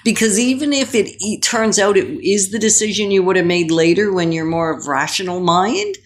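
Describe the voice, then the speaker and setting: A woman's voice: mid-range voice, moderate pace. A woman co-hosting a casual conversation, speaking in an earnest, encouraging and reflective way. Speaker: podcast co-host.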